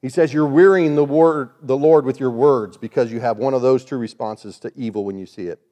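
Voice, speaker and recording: A man's voice: mid-range voice, fairly quick, dark tone. A man preaching a sermon in a conversational way, acting out the voices of the people he quotes. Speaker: pastor.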